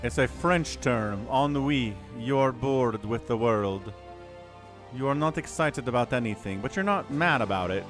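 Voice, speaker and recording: A man's voice: mid-range voice, lively intonation, unhurried, music in the background. A man giving casual, playful live commentary on a strategy game, reading out players' chat lines in mock voices. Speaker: game caster.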